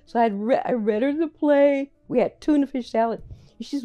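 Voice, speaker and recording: An older woman, a playwright, recalling her career in a reflective, halting way, often repeating words as she remembers. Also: high voice, mellow, soft background music. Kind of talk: reflective personal storytelling.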